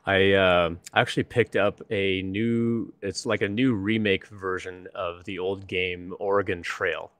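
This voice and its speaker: A man's voice: low-pitched, steady tone, measured pace, hardly any pauses, a bit bright. A man from the United States hosting a live stream over a video call, chatting in a friendly way with many fillers. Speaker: host, developer advocate. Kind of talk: casual live-stream chat.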